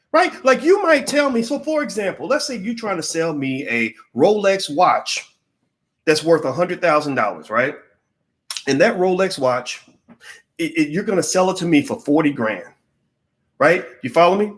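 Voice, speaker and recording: A middle-aged man holds forth in a loose, conversational monologue about negotiation. His voice sits a touch high for a man, and he gets animated, slipping into quoted voices and dropping casual curses. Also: normal speed. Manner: animated, acts out quoted people, swears casually. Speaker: commentator on business.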